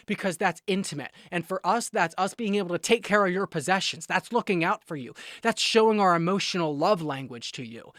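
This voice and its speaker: A man with a high, bright-toned voice talks straight to the camera, giving relationship advice in a casual monologue. He is emphatic and a little preachy, repeating his warnings over and over. The recording is close and dry, with no room sound. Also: a little fast, no room sound. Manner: emphatic, scolding repetitions and preachy confiding.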